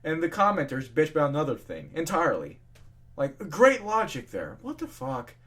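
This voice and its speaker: A man's voice: a little high, huge pitch swings, normal speed, fairly bright tone. A young man casually reading fan fiction aloud, swearing freely and ranting in between. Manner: profane ranting, laughs at the text.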